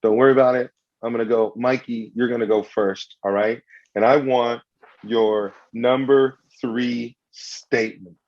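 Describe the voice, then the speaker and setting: A man's voice: medium pitch, fairly even intonation, unhurried, highs cut off. A man hosting a casual podcast and running a party game, teasing his friends and goofing around. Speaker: podcast host.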